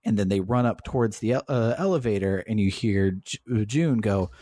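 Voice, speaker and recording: A man's voice: on the low side, moderate pace, hardly any pauses, dark tone, dry recording. A man hosting a podcast, casually retelling a video game's story and swearing freely as he goes. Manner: swears casually while recounting the plot. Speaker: podcast host.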